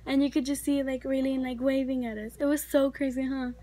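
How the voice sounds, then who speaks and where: A teenage girl tells a story in a casual, rambling way, her voice sitting high. She talks in a chatty rush, packed with fillers. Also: level tone, a little fast, mellow. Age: teens. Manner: chatty, filler-heavy, many likes. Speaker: vlogger.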